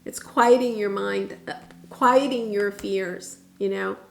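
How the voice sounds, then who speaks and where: A woman's voice: medium pitch, slow, gravelly, reverberant. A woman giving a casual tarot reading, talking in an earnest, reassuring way with many fillers and restarts. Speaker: tarot reader.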